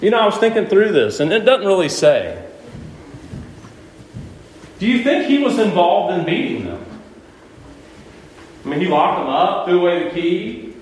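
Lively, high-voiced male preacher. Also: moderate pace, pauses often, a little hiss or hum. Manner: lively, questioning the audience, emphatic. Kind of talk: sermon. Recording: echoey room with faint ambience.

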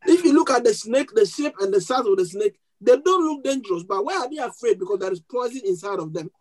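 Preaching a sermon before a church congregation, a pastor with a non-native, foreign accent speaks quickly and animatedly in a medium-pitched, darkish voice. He uses call and response, asking the congregation questions and repeating key words. The recording is low quality.

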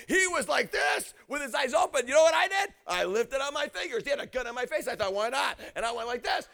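A man preaching an energetic storytelling sermon, often shouting, acting out quotes and laughing. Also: extremely high pitch, fairly quick, gravelly, hardly any pauses.

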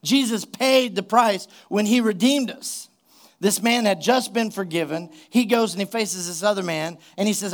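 A man with a high, light voice preaches a sermon. He drives his points home with emphasis and keeps asking the congregation rhetorical questions. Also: moderate pace. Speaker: pastor.

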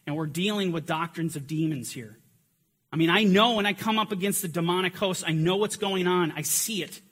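A man's voice: high voice, fairly quick, a bit bright. A man preaching a sermon to a congregation, earnest and intense, repeating phrases for emphasis.

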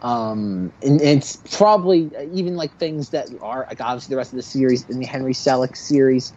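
A man co-hosting a movie podcast, laid-back and filling pauses with um and uh. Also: mid-range voice, darkish tone, highs cut off. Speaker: podcast co-host. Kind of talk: casual movie podcast chat.

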